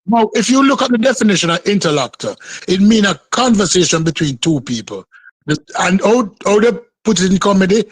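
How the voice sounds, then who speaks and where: A man presses his case in a live panel debate, repeating his questions with insistence. His voice is fairly high. The sound is dry and close, with no room around it. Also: fairly bright tone, dry recording, low-quality recording.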